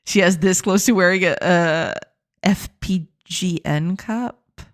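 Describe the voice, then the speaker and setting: A woman's voice: lowish voice, slow pace. Giggly woman chatting on a stream. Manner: giggly, reads and greets chat. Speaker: game developer streamer. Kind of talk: casual live-stream chat.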